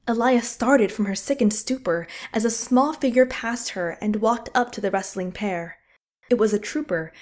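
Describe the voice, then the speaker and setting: A woman narrating a fantasy war audiobook in an expressive, vivid storytelling style. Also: mid-range voice.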